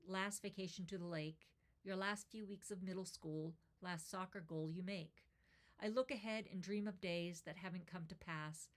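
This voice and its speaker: A woman in her forties, a host, reading a sentimental poem aloud and then talking casually, tender and heartfelt with her voice catching with emotion. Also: lowish voice.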